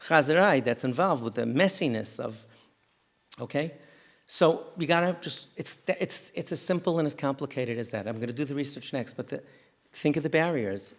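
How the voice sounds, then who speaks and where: Speaking in a mid-range voice, a middle-aged rabbi from the United States lectures a community gathering in a synagogue hall on parenting. His storytelling is lively, with quotes acted out and sentences often begun again.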